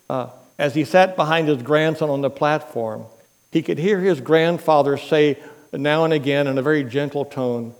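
A man preaching a sermon as pastor, telling a story in an unhurried, earnest way. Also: fairly high pitch, a little mellow.

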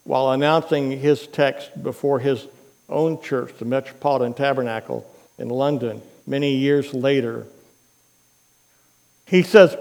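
A man preaching a sermon as pastor, telling a story in an unhurried, earnest way. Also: medium pitch, creaky, darkish tone.

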